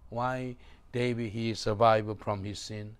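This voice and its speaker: A man preaches a sermon in non-native English with broken grammar, his voice lowish, smooth and steady, moving at a slow pace. He speaks emphatically, repeating phrases and calling on the congregation to answer back.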